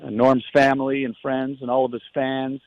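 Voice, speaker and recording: A Canadian man calling in to a show, speaking earnestly and haltingly and restarting his phrases. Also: medium pitch, monotone, darkish tone. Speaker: guest calling in. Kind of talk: phone-in tribute. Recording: muffled phone line.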